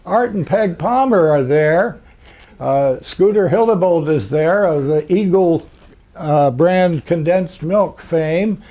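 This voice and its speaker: A man's voice: on the high side, slow. An older man giving a rambling, dry-humored talk to an audience in a lecture hall, with plenty of fillers. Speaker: convention speaker. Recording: muffled lo-fi recording.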